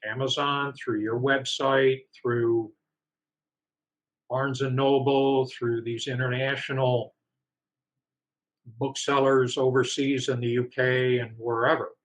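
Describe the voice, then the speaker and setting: A man's voice: mid-range voice, level tone, slow pace, pauses often, rough recording. A man casually recounting his dealings with a publisher, exasperated, sometimes mimicking the staff's replies. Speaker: author telling a complaint. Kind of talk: casual storytelling.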